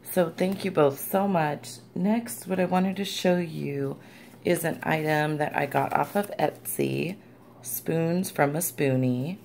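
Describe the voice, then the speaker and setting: Woman vlogger, low and gravelly, tired but gushing, casual chat. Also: slow pace, a little mellow, slight background noise. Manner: gushing and chatty, squeals and laughs often. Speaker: crafting vlogger. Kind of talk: casual unboxing vlog.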